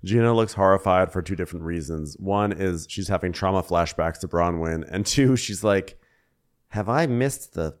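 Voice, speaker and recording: A man co-hosting a comedy podcast, recapping a reality show in a mocking, animated way and slipping into impressions. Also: low voice, normal speed, few pauses. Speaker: podcast co-host.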